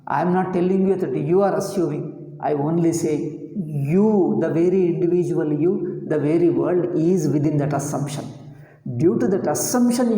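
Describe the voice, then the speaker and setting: A man's voice: fairly high pitch, warm tone. A man teaching Vedanta philosophy, posing questions and repeating points with emphasis. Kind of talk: spoken philosophy lecture. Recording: echoey hall with long reverb.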